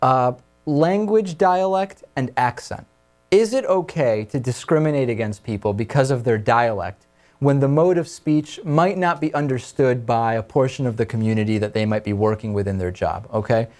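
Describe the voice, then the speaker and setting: A man's voice: medium pitch, moderate pace, darkish tone. A man hosting a talk radio show, leading casual discussion with his co-hosts in a conversational way.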